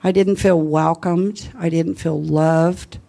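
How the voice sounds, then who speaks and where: A woman's voice: low voice, takes it slowly, creaky. A woman giving an informal Christian talk, earnestly telling personal evangelism stories. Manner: earnest, lively storyteller. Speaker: Christian speaker sharing evangelism testimony.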